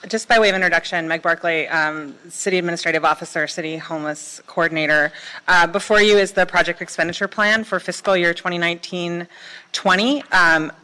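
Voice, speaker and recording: A woman city official giving a measured, businesslike report to a committee. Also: fairly low pitch, steady tone, sharp tone. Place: city council chamber. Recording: reverberant council chamber.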